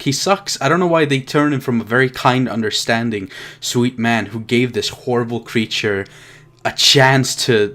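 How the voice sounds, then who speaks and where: A man's voice: medium pitch, fairly bright tone. A young man reviewing a film, ranting with lots of swearing and mocking impressions of the characters. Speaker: movie reviewer.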